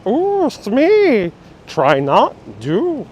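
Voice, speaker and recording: A man voicing a small, ancient, wise alien master who talks slowly with twisted word order. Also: extremely high pitch, huge pitch swings, a little mellow, slight background noise, pitched above the performer's own voice, heavily acted, rough recording. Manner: inverted word order, slow and croaky.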